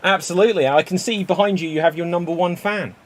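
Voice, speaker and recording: A man's voice: high voice, fast talker. A man hosting a live-streamed improv comedy show, playful and jokey, talking into a webcam mic on a video call. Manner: upbeat, playful, jokey banter.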